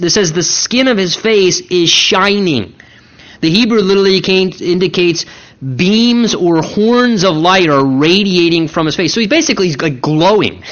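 Higher-voiced preacher, dull lo-fi recording. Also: male voice, a bit bright. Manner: conversational, emphatic, repeats key words. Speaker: pastor. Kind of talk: sermon.

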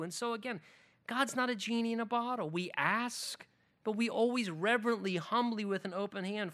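A man's voice: sits high, normal speed, fairly bright tone. A middle-aged man preaching a sermon in an earnest manner, sometimes acting out little dialogues. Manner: earnest preaching, acts out dialogue with rising intensity. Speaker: pastor.

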